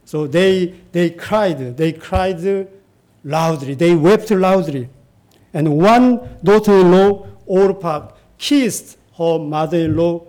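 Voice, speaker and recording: A man preaching a Bible teaching, speaking in a halting way with frequent pauses and repeated phrases. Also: high-pitched, dark tone.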